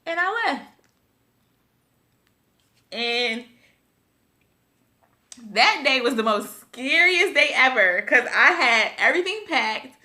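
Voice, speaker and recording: Her voice sits high and sing-song, slow with long pauses and a sharp tone. This young Buffalo, New York woman is doing a chatty, emotional storytime vlog, often calling her viewers "y'all."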